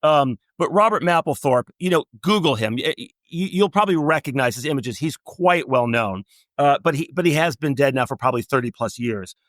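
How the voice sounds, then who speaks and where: A middle-aged man, a travel writer guest, telling long anecdotes and quoting people in animated storytelling. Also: mid-range voice, fairly quick, no room sound. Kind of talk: storytelling interview.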